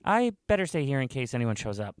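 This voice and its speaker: A man's voice: medium pitch, big pitch swings, fast, clear, resonant tone, no room sound, clean studio sound, pitched above the performer's own voice, close to an everyday voice. A man voicing a friendly female teacher. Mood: matter-of-fact.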